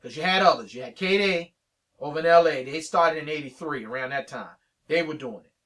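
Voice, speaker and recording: Man, 50s, veteran DJ, animated storyteller, voice a bit off-mic. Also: on the high side, fairly quick, far from the mic. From Richmond, Virginia. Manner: animated storyteller acting out both sides of old conversations. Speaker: veteran hip-hop radio DJ, interview guest. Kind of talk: storytelling in a sit-down interview.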